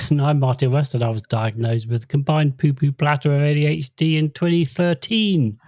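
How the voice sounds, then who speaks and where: A man's voice: a little high, moderate pace, a little mellow, no room sound, clean studio sound. A middle-aged man co-hosting a podcast in easygoing casual chat, with a wry tone and frequent ums. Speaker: podcast co-host.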